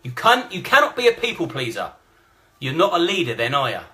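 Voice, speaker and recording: A man's voice: fairly high pitch, wildly swooping pitch, a little fast, pushed and bright. A blunt, combative man, ranting and swearing through live-stream commentary. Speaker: vlogger.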